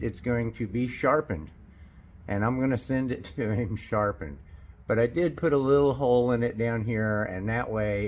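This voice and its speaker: A man's voice: on the low side, a little hiss or hum. A man making a small knife in his workshop, chatting casually and thinking aloud as he works. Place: forge workshop.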